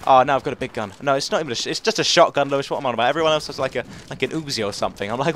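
A young man commentating his own gameplay, excitable and self-mocking, repeating phrases and yelping when he gets killed. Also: medium pitch, very fast, hardly any pauses, a little hiss or hum. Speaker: gaming commentator.

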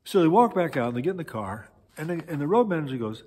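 A male pastor preaching a sermon in a church sanctuary, telling a story in an animated way with frequent pauses and fillers. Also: on the high side. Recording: echoey church hall.

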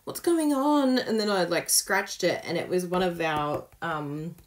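A woman's voice: lowish voice, a little slow. A woman hosting a live papercraft tutorial, chatty and self-mocking, laughing often and gushing over her work as she demonstrates.

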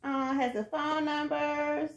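A woman's voice: high voice, level tone, takes it slowly, dull audio. A woman from Chicago chatting playfully to viewers while unboxing and tasting cookies at home. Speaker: food vlogger. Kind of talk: casual unboxing and tasting vlog. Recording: echoey room with faint noise.

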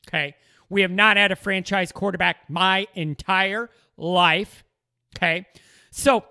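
Fed-up male sports commentator, repeats himself for emphasis, bright and smooth tone. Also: high voice. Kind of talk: opinionated sports rant.

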